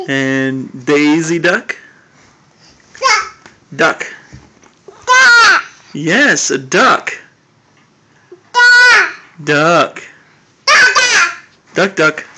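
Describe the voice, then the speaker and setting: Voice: medium pitch, sharp tone, a little hiss or hum. A parent talking in playful sing-song baby talk to toddlers in a home video, recorded on a phone indoors. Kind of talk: home video chat with small children. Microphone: phone camera.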